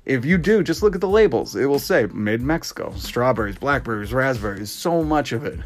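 A man's voice: mid-range voice, lively intonation, a little fast, faint music behind. A man from Boston hosting a podcast, ranting in a casual, sarcastic and exasperated way and mocking others by quoting them. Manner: mock-quotes others in put-on voices. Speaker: podcast host. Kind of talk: casual opinion rant.

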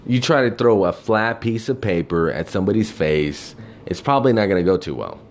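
Worked up and exasperated, a low-pitched man tells a work story in a casual storytime rant, swearing constantly while his voice swings widely. He speaks a little fast, animatedly slipping into the voices of those he quotes, over a slight hiss or hum.

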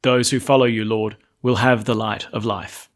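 A man's voice: on the low side, flat delivery, normal speed. A man, a priest reading the Gospel and then preaching a chatty, lightly humorous homily.

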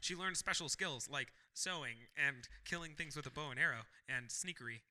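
A young man riffs through a casual podcast chat, laughing often and chasing odd tangents. His voice sits high and sounds very bright. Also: normal speed. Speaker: podcast co-host.

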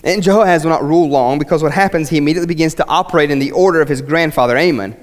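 A man preaching a sermon in a church with passion, swinging between loud and hushed and often saying "I mean.". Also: on the high side, very fast. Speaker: pastor. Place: church sanctuary. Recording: long reverb of a church hall.

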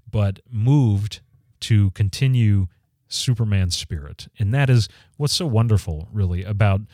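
Male podcast host, slightly low voice, relaxed talky delivery with lots of ums, dry sound. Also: no room sound. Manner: conversational, frequent ums and restarts. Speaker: podcast host reviewing comics. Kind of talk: casual spoken review.

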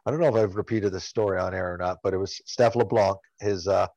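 A man co-hosting a casual lacrosse chat, telling stories with many halting restarts. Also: low voice, fairly even intonation, creaky, darkish tone, no echo, lo-fi sound. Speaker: lacrosse podcast co-host.

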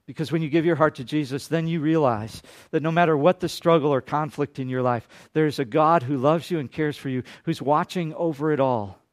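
A man preaching a sermon, swinging between loud, urgent lines and hushed, quiet ones, and briefly acting out the people he quotes. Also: a little high, brisk, hardly any pauses. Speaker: pastor.

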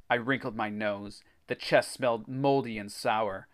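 A man's voice: medium pitch, fairly even intonation, normal speed, hardly any pauses, a bit bright. A man hosting a podcast, reading a children's horror story aloud and breaking off for laughing, swearing asides. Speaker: podcast host.

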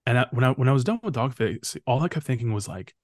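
A man speaking as a podcast guest in casual conversation, relaxed and rambling with frequent restarts. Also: medium pitch, fast, no echo, clean studio sound. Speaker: podcast guest, film critic.

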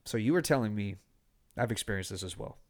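Brief: young male podcast host, lowish voice, blunt and profane, animated storyteller. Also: a little fast. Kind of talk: casual chat.

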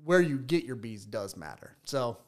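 A man's voice: medium pitch, very animated, normal speed. A man who runs a beekeeping business, chatting in a casual podcast interview and telling stories with many restarts and repeated words. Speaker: beekeeper and bee business owner.

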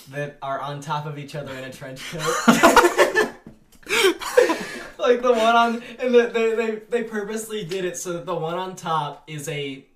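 A young man hosting a podcast, telling stories animatedly in casual chat with quick restarts and laughs. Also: a little high, a bit bright. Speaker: podcast host. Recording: roomy with noticeable noise.

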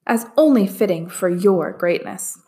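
A woman voicing an oily, flattering male servant in a storybook. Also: fairly low pitch, measured pace. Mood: fawning. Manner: fawning, flattering.

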